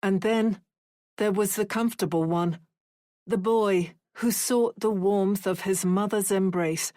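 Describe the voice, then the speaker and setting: Slow, dry-voiced woman narrator. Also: mid-range voice, dark tone, dry recording. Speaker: audiobook narrator. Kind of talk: audiobook narration.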